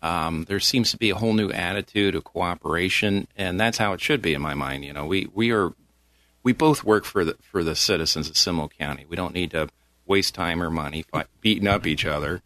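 Low-voiced plain-spoken man being interviewed. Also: brisk, no room sound. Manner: plain-spoken, animated when riled. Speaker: guest, county comptroller. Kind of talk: casual interview.

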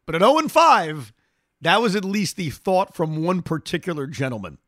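Animated, bright-voiced sports radio man. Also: high-pitched, moderate pace, no room sound, studio quality. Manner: animated, emphatic, repeats phrases for effect. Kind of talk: sports talk radio, reading listener email.

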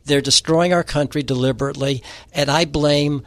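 A man in a radio-style interview lays out his political plans with forceful, repetitive declarations. His voice sits a touch high and is recorded dry and close, with no room sound. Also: steady tone, normal speed, dry recording. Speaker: political candidate guest.

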